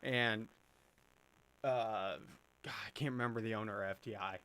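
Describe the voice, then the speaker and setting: A man's voice: lowish voice, normal speed, fairly bright tone. A man hosting a live stream, chatting casually and answering viewer questions with plenty of fillers and restarts. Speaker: livestream host answering chat.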